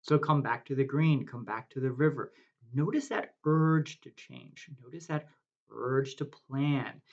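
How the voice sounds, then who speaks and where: A man from New Jersey leading a guided meditation in a slow, gentle way with long pauses. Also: medium pitch, vocal fry, muffled recording.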